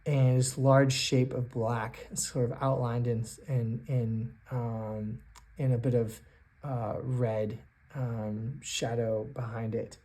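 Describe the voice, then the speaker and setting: Man, mid-pitched, running a solo tabletop game; halting, thinks aloud. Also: level tone, a little mellow. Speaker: solo game master and player. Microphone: self-recorded on camera.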